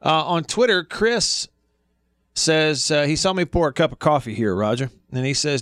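A man's voice: on the high side, animated, moderate pace, fairly bright tone, clean tone, no echo, studio quality. A man with a Southern US accent hosting a radio show, chatting casually, laughing easily and rambling through stories. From American South. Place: radio studio.

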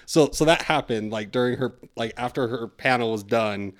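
A man's voice: medium pitch, normal speed. Man in casual group chat who talks loosely, swears freely and fills with "like".

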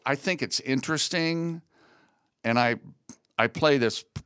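A man's voice: medium pitch, measured pace, bright, forceful tone, smooth, no echo, clean studio sound. Rambling man joking on a podcast. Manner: rambling, full of restarts, joking. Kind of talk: casual chat.

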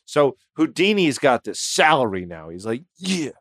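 Animated man telling history stories. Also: medium pitch, moderate pace, no room sound, clean studio sound. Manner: animated, acts out characters in the story. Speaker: podcast host and storyteller. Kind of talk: casual comedic history storytelling.

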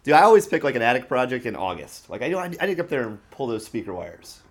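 A man guest in a casual chat, telling a lively story with swearing and laughs. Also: mid-range voice, fast talker, a little hiss or hum. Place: barbershop.

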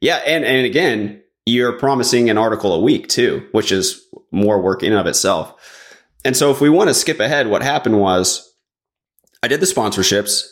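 A man's voice: fairly low pitch, animated, moderate pace. A man chatting casually as a podcast guest, rambling along with lots of "like" fillers. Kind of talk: casual chat.

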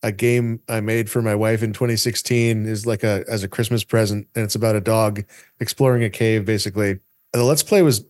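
A man hosting a casual podcast chat, brisk and wry as he moves the talk along. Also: lowish voice, steady tone, darkish tone.

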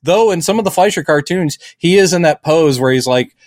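Middle-aged male podcast co-host, lively and jokey, fairly high pitch, dry recording. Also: brisk, no echo. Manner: animated, acts out quotes in silly voices. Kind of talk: casual chat.

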